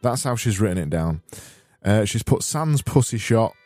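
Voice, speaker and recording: Low-voiced man rambling comically. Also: lively intonation, normal speed, mellow, dry recording, soft background music. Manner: rambling, self-interrupting, joking. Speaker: podcast host. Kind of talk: comic podcast banter and spoof advert.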